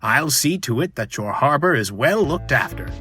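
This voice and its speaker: A man's voice: medium pitch, sing-song, normal speed, soft background music. A man doing a kindly old tank engine. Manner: warm, reassuring.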